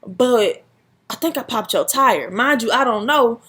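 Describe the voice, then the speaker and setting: Young woman vlogger, higher voice, dramatic and slangy storytime telling. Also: animated, unhurried, fairly bright tone. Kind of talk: casual storytime chat.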